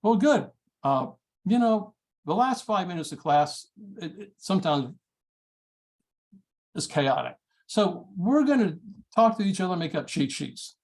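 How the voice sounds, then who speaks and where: A middle-aged man presenting a math study skills workshop in a folksy, animated way, acting out his exchanges with students. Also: sits high, unhurried, pauses often. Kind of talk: conference workshop talk.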